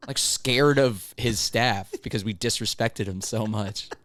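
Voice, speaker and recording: A man's voice: on the low side, a little slow, a bit bright, no echo. A young man in his twenties, hosting a casual podcast chat and telling work stories in a mocking, profane way. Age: 20s. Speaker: podcast host.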